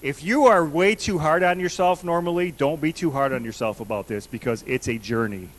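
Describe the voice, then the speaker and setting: A man's voice: fairly high pitch, brisk, rough recording. A man preaching a conversational sermon in a church, earnestly repeating questions to the congregation. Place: church sanctuary.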